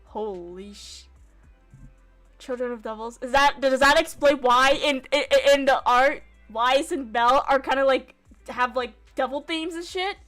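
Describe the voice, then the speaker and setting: An excitable young woman streaming a game, gushing and swearing freely as she plays. Her voice is high, and soft background music runs faintly behind her casual commentary. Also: a little slow.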